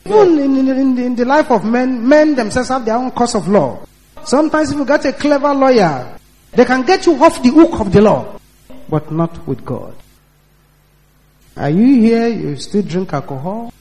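High, animated male preacher. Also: normal speed, in a large hall, poor audio. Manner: emphatic, repetitive warnings. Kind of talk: sermon.

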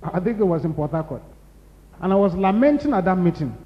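A man with a Nigerian accent preaching a sermon, emphatic and repetitive, building to loud exclamations. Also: sits high, big pitch swings, brisk. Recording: dull lo-fi recording in a reverberant hall.

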